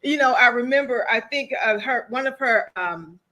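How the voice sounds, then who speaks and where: This is a woman life coach talking as a guest in a conversational interview. Her voice is high-pitched and bright, and she is an animated storyteller who keeps circling back to key phrases. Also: moderate pace.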